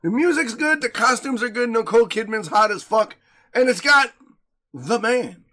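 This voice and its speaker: A man co-hosting a podcast, telling stories in an animated, joking, profane way. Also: very high voice, normal speed. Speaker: podcast co-host. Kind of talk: casual chat, storytelling.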